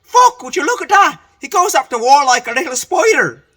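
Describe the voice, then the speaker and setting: A man voicing his drunk, rowdy young friend, loud and crude. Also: very high voice, fairly quick, voice pushed up, full character voice. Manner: shouting, excited.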